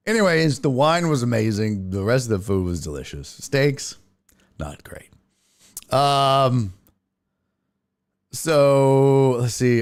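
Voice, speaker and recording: Profane, rambling sports show host. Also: male voice, medium pitch, very animated, unhurried, long pauses. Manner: rambling, profane, reads chat aloud. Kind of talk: casual live-stream chat.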